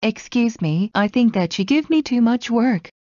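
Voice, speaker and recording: A woman slowly reading everyday English phrases one at a time for learners. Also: fairly high pitch, expressive, darkish tone, dry recording, lo-fi sound. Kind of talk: slow scripted phrase reading.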